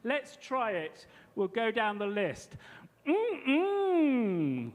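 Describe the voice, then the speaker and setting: Male teacher trainer with a high voice, explaining in a relaxed, chatty way from a reverberant lecture hall. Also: takes it slowly. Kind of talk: workshop presentation.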